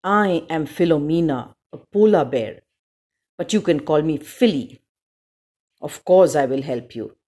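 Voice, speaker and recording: Gruff, kind female polar bear for a storybook, voiced by a woman; low, slow, breathy delivery. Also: expressive, mellow. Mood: gruff, welcoming. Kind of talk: storybook reading.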